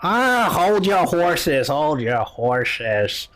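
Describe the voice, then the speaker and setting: A man voicing a cranky, arthritic old woman who lives alone in the woods, talking slowly in a grumbling, suspicious way. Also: a little high, very animated, fairly bright tone, full character voice. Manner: slow, grumbling and querulous.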